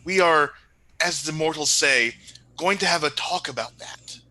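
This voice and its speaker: A man's voice: fairly high pitch, a little slow, bright, forceful tone, pitched above the performer's own voice, low-quality recording. A man voicing a grandiose young fae prince. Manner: lofty, archaic, declamatory phrasing.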